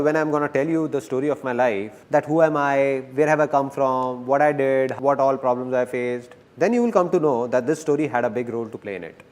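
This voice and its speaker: A man giving a motivational talk to a live audience, animated and playful, repeating his key lines. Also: mid-range voice. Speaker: motivational speaker.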